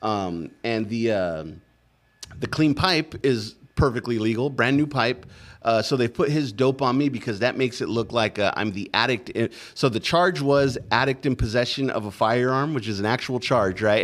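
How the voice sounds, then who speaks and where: A man's voice: mid-range voice, expressive, moderate pace, a bit bright. A man, a podcast guest, telling his story in a casual and rambling way, cursing a lot and leaning on "like" and "right?". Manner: profane, rambling, full of "like" and "right?".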